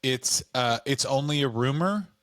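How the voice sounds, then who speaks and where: A man's voice: medium pitch, lively intonation, measured pace, fairly bright tone, no echo. A man co-hosting a comedy podcast, chatting loosely and joking, often slipping into silly put-on voices. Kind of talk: casual comedic chat.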